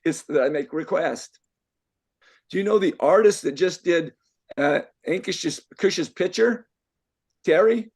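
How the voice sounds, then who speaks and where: A man's voice: fairly high pitch, unhurried, pauses often, a little mellow, breathy edge. An older man, a life coach, giving an emphatic motivational talk to a group, repeating himself and firing rhetorical questions. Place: event room with a live group.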